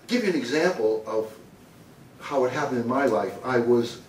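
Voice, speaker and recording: An older man from the United States tells an animated story on stage, now and then dropping into a booming announcer voice and chuckling at his own lines. His voice carries through an echoey hall and comes across a little distant from the mic, with a faint background hiss. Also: normal speed. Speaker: motivational humor speaker. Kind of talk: storytelling keynote talk.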